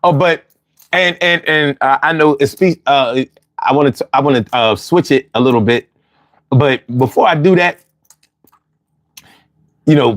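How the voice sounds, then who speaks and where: A man hosting a call-in talk show in AAVE, animated and joking with plenty of profanity. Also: mid-range voice, no echo, studio quality.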